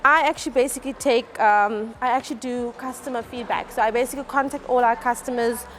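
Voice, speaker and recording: A woman's voice: a little high, fairly even intonation, brisk, fairly bright tone, a little hiss or hum. A woman, a customer relations manager, telling a group how her career started, speaking hesitantly with many ums and restarts. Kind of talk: workplace career talk. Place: car dealership indoors.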